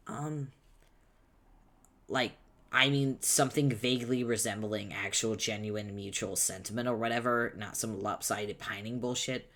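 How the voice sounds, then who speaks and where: A man with a medium-pitched voice reads a webcomic aloud, voicing an angry young male troll. The character impatiently shouts foul-mouthed insults.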